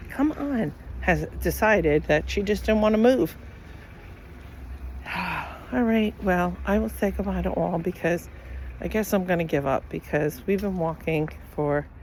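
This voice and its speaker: A woman's voice: fairly low pitch, slight background noise. A middle-aged woman talking in a rambling, chatty way while walking her dog outdoors. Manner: rambling, chatty, many fillers. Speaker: vlogger. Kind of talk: casual chat.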